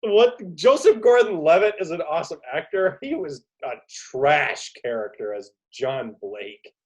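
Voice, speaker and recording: Higher-voiced man in blunt movie chat. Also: expressive, a little slow. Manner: blunt, dismissive, full of "like". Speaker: podcast co-host.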